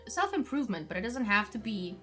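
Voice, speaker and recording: A woman's voice: mid-range voice, very animated, fast talker, a bit bright, soft background music. A young woman streaming as a vtuber, chatting casually to her viewers and rambling with lots of filler words. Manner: rambling, heavy use of "like" fillers. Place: home streaming setup.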